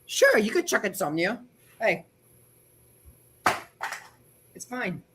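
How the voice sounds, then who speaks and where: A young adult robot builder telling stories in a rambling, animated way during a casual livestream chat, voice slightly hoarse. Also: mid-range voice, moderate pace.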